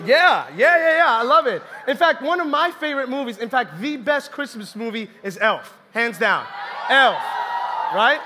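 A young man from Colombia speaks to a congregation, telling funny stories in an animated, chatty way and acting out quotes. His voice is high, bright and sharp. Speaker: church speaker. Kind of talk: humorous sermon storytelling.

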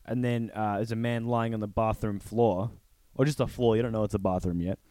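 A man's voice: fairly low pitch, fairly even intonation, brisk, warm tone, no room sound. A man co-hosting a comedy podcast, casually recapping a TV episode and acting out scenes. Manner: joking, acts out scenes in silly voices. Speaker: podcast co-host.

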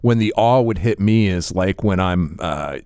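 A man's voice: low-pitched, a little mellow, clean tone, no room sound, clean studio sound. A man co-hosting a podcast in casual chat, teasing and joking with his partner. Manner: joking, teasing, quick to laugh along. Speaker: podcast co-host.

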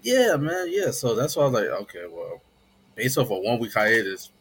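A man's voice: medium pitch, very animated, fairly quick, a crowd in the background. A man hosting a sports podcast in casual, joking slang. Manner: laid-back, joking slang. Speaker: podcast host. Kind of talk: casual chat.

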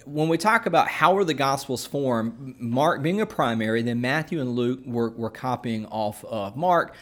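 An expressive, somewhat bright mid-range male voice belongs to a podcast co-host teaching scripture conversationally. He moves at an easy pace, with frequent fillers and restarts, as if co-hosting a talk show.

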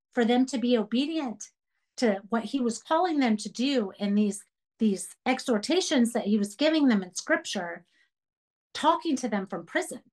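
On a church radio program, a woman with a slightly high, darkish voice leads a Bible study for a women's group. Earnest and emphatic, she repeats key phrases as she teaches, and the recording quality is low.

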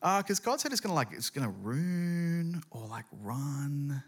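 A preacher voicing a sheepish husband who explains himself hesitantly. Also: male voice, a little high, big pitch swings, a little fast, pushed and bright, breathy edge, full character voice. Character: sheepish, hesitant bearded patriarch.

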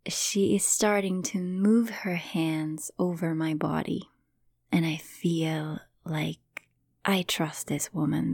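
A woman hosting a personal storytelling podcast, talking in a soft, partly whispered, reflective way. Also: lowish voice, no room sound, studio quality. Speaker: podcast host.

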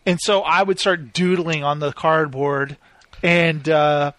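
High-voiced man telling stories, dry sound. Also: takes it slowly, no room sound. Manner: laughs often, animated retelling. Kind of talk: casual storytelling chat.

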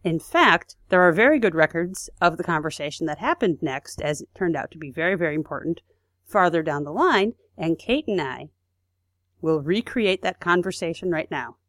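A woman's voice: on the low side, lively intonation, normal speed, a bit bright, dry recording, studio quality. A woman co-hosting a podcast, telling a history story casually with asides and fillers. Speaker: podcast co-host.

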